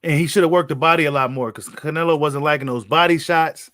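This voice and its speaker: A man's voice: a little high, fast talker, a bit bright, dry recording, clean studio sound. A man hosting a casual live stream about boxing, talking in a blunt, slangy way and often repeating his points. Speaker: boxing commentator host.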